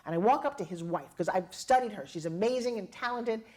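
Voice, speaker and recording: A middle-aged woman speaks a little fast as she dramatically recounts something that happened to her. Her animated storytelling includes impressions of the people she quotes, with her pitch climbing and dipping along the way.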